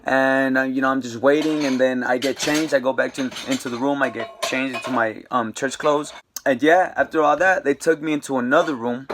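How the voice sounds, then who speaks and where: Young guy, vlogger, slangy rambling storyteller, middle pitch. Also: fairly even intonation, a little fast, noisy background. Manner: rambling, slangy, lots of fillers. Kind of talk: casual storytime.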